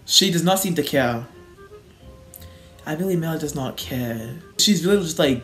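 A woman hosting a casual reaction video, talking in an animated way and laughing often. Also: sits low, measured pace, pauses often, soft background music.

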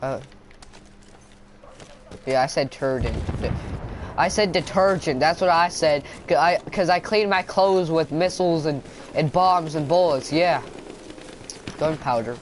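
A man's voice: on the high side, measured pace, long pauses, a little hiss or hum. A young man giving casual, joking gameplay commentary as a gaming YouTuber, rambling and mocking himself. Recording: loud game sounds behind voice.

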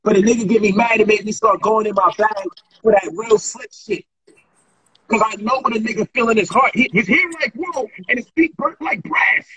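A man in a heated casual chat over a remote call, boasting about how he handled a debate, animated and profane. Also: high voice, normal speed, breathy edge, rough recording. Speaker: debater discussing a past debate. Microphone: remote call mic.

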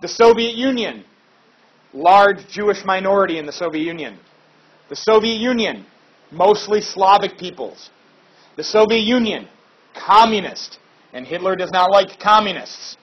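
A man with a high, husky voice gives a relaxed history lecture, full of chatty asides and casual fillers. The recording sounds dull and lo-fi. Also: a little slow. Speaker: history teacher.

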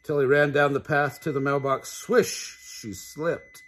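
A man's voice: medium pitch, little pitch movement, normal speed, a bit bright. An older man reading a children's storybook aloud, adding sound effects.

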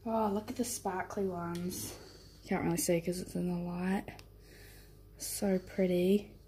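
A woman beauty vlogger talking casually through an unboxing, gushing, excitable and often giggling. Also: on the low side, unhurried. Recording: music playing under the voice.

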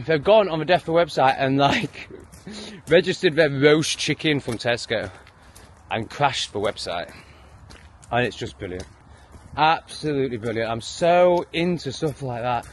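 A man's voice: fairly high pitch, a little hiss or hum. An English man ranting heatedly and swearing a lot in his own opinion vlog. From England. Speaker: vlogger. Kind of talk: profane opinion rant.

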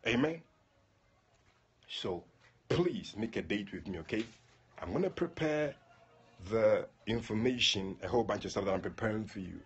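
A man's voice: lowish voice, animated, normal speed, long pauses, breathy edge. A man leading a prayer livestream, chatting casually and addressing viewers by name.

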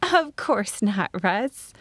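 A woman's voice: a little high, measured pace, dry recording, pitched above the performer's own voice. A woman voicing an earnest, spirited eighteen-year-old schoolteacher in an audiobook. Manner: lively, bright-toned dialogue reading.

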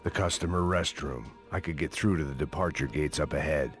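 A man's voice: very deep voice, fairly quick. An actor playing a weary, hardboiled male cop narrating a video game in a dry, world-weary manner. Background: game soundtrack music.

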